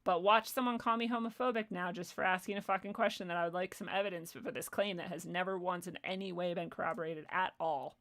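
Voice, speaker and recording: A woman's voice: lowish voice, steady tone, quick pace, hardly any pauses, a bit bright. A woman streamer ranting in a sarcastic, profane, exasperated way as she hosts her own show. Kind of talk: ranting live-stream commentary.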